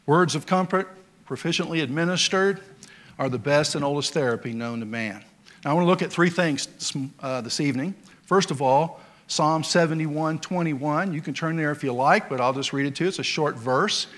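A male pastor preaching a sermon in a folksy storytelling way, with many fillers and swings between loud emphasis and quiet asides. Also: fairly high pitch, normal speed.

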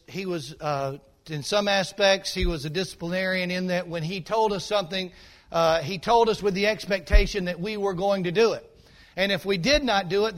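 A male pastor preaching a sermon, telling a folksy, animated story and calling out to the congregation. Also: sits high.

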